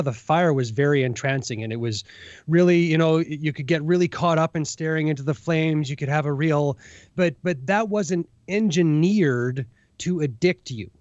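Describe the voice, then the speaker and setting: A man's voice: fairly high pitch, normal speed, no echo, muffled recording. A man co-hosting a casual podcast discussion who keeps asking "right?" and acts out small scenes as he talks. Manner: conversational, lots of "right?" and "you know", acts out little scenes. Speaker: podcast co-host.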